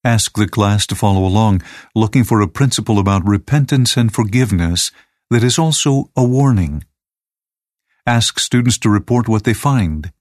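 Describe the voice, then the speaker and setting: A man reading aloud a teacher's lesson manual in a measured, even, scripted way. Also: fairly low pitch, no echo, studio quality.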